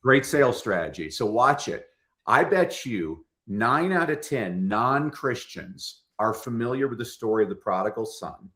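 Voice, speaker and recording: At normal speed and medium pitch, a middle-aged storytelling coach chats animatedly as a podcast guest in a lively conversation, voicing quoted lines in different characters.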